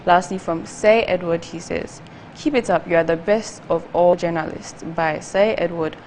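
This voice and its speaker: A woman, co-hosting a TV talk show and reading viewer text messages aloud in a steady, measured way. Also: fairly low pitch, slight background noise. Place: TV studio.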